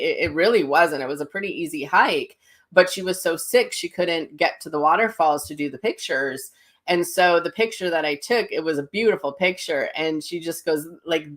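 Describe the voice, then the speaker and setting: A middle-aged woman telling viewers a personal story in a casual, animated way, acting out what people said, as a psychic medium hosting her own channel. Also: low voice.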